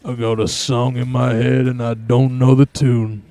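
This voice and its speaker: A man's voice: medium pitch, level tone, unhurried, dark tone, no room sound. A man giving casual, profane, self-amused commentary while playing a video game. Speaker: gaming streamer.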